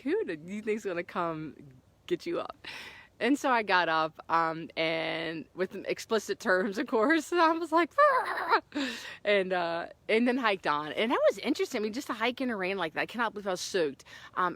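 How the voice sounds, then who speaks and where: A middle-aged woman hiker chatting to her camera outdoors on a trail, telling a story with lots of fillers and animated swings. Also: medium pitch, no room sound. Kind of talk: casual vlog chat. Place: outdoors on a hiking trail in the morning.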